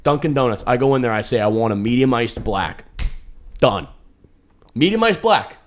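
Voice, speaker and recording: A young American man co-hosting a comedy podcast, talking loudly and swearing, with mock grand proclamations. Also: medium pitch, fairly quick. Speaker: podcast co-host. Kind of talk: casual chat.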